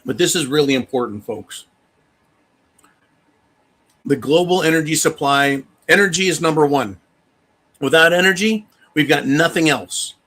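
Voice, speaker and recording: Brash, bright-voiced man. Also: a little high, unhurried, pauses often. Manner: emphatic and animated, addresses viewers as folks, swears freely. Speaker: livestream host. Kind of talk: casual livestream commentary.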